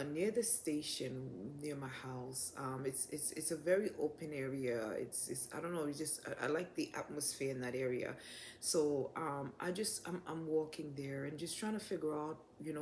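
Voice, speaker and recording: A woman sharing a personal faith testimony, speaking haltingly with many repeated words and restarts, growing more excited as she goes. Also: deep voice, slight background noise. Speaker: faith storyteller.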